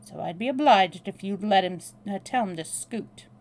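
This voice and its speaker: Storybook tough guy: woman reading a cool, drawling American man with a gravelly edge. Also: medium pitch, lively intonation, moderate pace, darkish tone, lightly acted. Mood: blunt. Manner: drawling, dry and threatening. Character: brash, blunt young American man, cool under pressure. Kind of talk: read-aloud novel dialogue.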